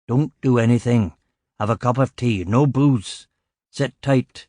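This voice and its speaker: Brief: man playing a clipped, grave chief inspector, fairly low and quiet, dry sound. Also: measured pace, no echo, lightly acted. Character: stern, measured male chief inspector.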